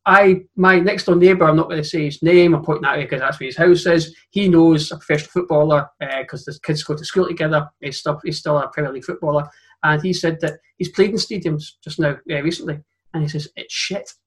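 A man's voice: on the high side, steady tone, fast talker. A Scottish man co-hosting a football podcast, rambling through stories with many restarts and laughing at his own anecdotes. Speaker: podcast co-host. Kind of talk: casual football chat.

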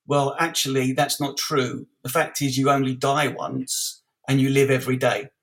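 A man in his fifties telling a lively anecdote as a guest over a video call, often repeating words. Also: mid-range voice, normal speed. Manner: lively, repeats words, acts out voices in stories. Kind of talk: animated anecdotal storytelling.

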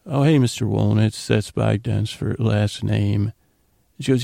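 Gravelly low-voiced man rambling a recap. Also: fairly even intonation, warm tone, no room sound, clean studio sound. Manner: rambling, retells scenes with quick quoted lines. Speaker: podcast host recapping a TV episode. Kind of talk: casual comedic recap.

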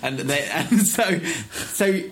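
A man's voice: a little high, lively intonation, takes it slowly, a bit bright. A man co-hosting a casual advice podcast, chatty and laughing often, acting out little quotes. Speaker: podcast co-host.

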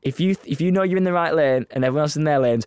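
A man's voice: a little high, very fast, darkish tone, clear, resonant tone, dry recording, studio quality. A man co-hosting a podcast, chatty and jokey, often talking over his co-host. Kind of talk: casual chat.

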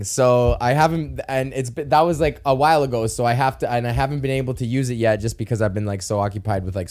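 A man's voice: mid-range voice, clean tone. Young canadian guy ranting on his podcast, swears constantly, all over the place. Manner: swears a lot, rambling and excitable. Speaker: podcast host. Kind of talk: casual solo podcast rant. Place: at home in front of a camera.

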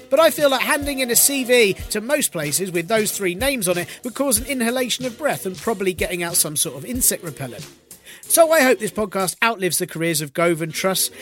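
A man hosting a podcast, delivering a dry, mocking political comedy monologue with quick asides. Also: high voice, a bit bright. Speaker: podcast host.

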